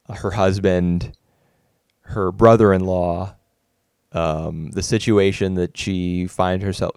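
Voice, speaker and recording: A man's voice: deep voice, creaky, darkish tone, no room sound, clean studio sound. A man co-hosting a casual film podcast, thoughtful and rambling with many fillers and restarts. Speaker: podcast co-host. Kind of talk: casual film review chat.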